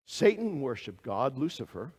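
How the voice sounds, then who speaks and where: A man preaching a sermon to a congregation, asking them direct questions and swinging between loud exclamations and hushed asides. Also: medium pitch, sing-song, normal speed, husky, big-room sound.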